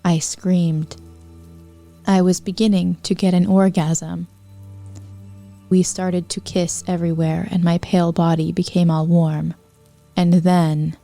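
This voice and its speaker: A woman reads fanfiction aloud for her podcast, slow and unhurried, with a mellow, lowish voice. She keeps stopping for wry, apologetic asides. Faint music plays underneath. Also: little pitch movement. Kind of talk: comedic reading aloud.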